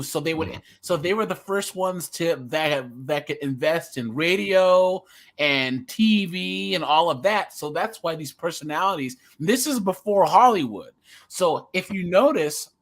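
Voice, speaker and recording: A young man with a West Coast Californian accent holds forth in casual podcast chat. His voice sits a little high and rings bright. He rambles, restarting sentences and stacking repeated words as he goes. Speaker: podcast co-host.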